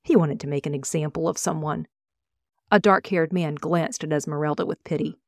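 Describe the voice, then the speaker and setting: A woman reads her own fantasy novel aloud in a measured, expressive way. Her voice sits low. The sound is dry and close. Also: no echo. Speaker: author reading her novel. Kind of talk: audiobook reading.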